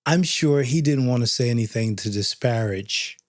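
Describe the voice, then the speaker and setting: A man co-hosting a podcast, talking in a measured, reflective way and unpacking a guest's story. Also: mid-range voice, no echo, clean studio sound. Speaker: podcast co-host. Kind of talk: conversational podcast chat.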